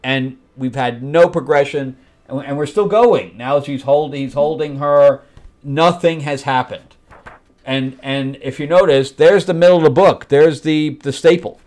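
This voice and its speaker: A man's voice: on the high side, unhurried, a little mellow. A man hosting a comic book review show, talking bluntly and with open frustration, and mocking the characters in put-on voices as he flips through the pages. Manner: blunt, exasperated critique with mocking acted-out quotes. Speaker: host.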